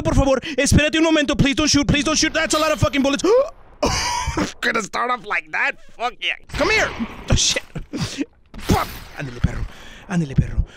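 A man giving excitable, swearing, comedic commentary while playing a game, slipping between English and Spanish slang. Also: very high-pitched. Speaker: VR gaming YouTuber.

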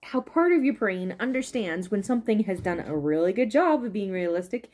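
A woman's voice: mid-range voice, lively intonation, fairly quick, a little mellow. A woman reviewing a drama in casual video commentary, rambling and laughing often and losing her train of thought. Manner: laughs often while talking.

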